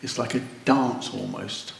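A man delivers a sermon at an unhurried pace, in a voice of ordinary middle pitch. He talks earnestly and climbs into wondering exclamations. The sound is roomy and echoing. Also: steady tone, vocal fry, a little hiss or hum. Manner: slow and earnest, rising to exclamations. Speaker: preacher. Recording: roomy echo.

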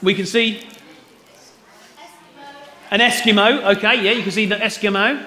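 A man preaching in a church hall, his voice high for a man and bright, with long echoes trailing off the walls. He talks at an unhurried pace and keeps turning to the congregation with questions. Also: steady tone. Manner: conversational, asks the congregation questions. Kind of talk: Easter sermon. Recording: roomy hall echo.

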